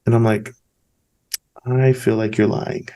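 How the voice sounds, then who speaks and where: Podcast host guy, lowish voice, chatty and candid, keeps restarting his sentences. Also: flat delivery, measured pace, warm tone. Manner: candid, rambling, with frequent restarts. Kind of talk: casual conversational interview.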